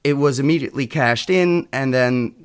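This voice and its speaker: A man from Europe co-hosting a podcast, picking apart a film in loose, casual talk. He is frank and sardonic and swears freely, with a voice of ordinary middle pitch. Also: normal speed, clear, resonant tone. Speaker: podcast co-host. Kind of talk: casual film review chat.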